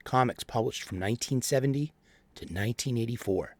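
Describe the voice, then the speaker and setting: This is a middle-aged man's solo comic book chat, recorded dry in a home studio. His mid-range voice moves a little fast as he rambles, restarting often and leaning on fillers.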